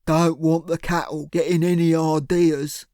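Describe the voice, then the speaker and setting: A giant, gruff henchman, as a male narrator does him speaks slowly and loudly, barking each blunt line. There is a gravelly grain to the voice. This is an audiobook reading with a dry, close sound. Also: a little high, level tone, no echo. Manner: slow, heavy, barking delivery. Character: huge, slow-witted thug, gruff and blunt. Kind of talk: audiobook character voice.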